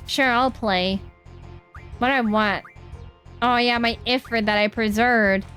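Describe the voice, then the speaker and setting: A woman streamer chatting casually while she plays a game, playful and quick to swear. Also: fairly high pitch, steady tone, fairly bright tone, soft background music. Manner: playful, swears, reads game dialogue aloud. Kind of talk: casual gaming stream commentary.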